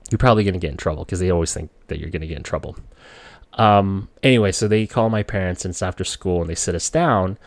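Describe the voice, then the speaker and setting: A man with a low voice, from the Philippines, tells a story from his own life in a casual, chatty way. The recording is dry and close, with no room sound. When he quotes himself as a child, his voice leaps up high. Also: fast, dry recording. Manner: relaxed conversational, voice jumps high when quoting his child self.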